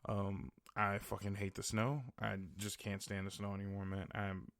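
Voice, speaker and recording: A man's voice: on the low side, monotone, normal speed, creaky, fairly bright tone, no room sound, clean studio sound. A tired man from the American Midwest hosting a podcast, ranting in a profane, exasperated way and laughing often. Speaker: podcast host. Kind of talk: casual solo rant.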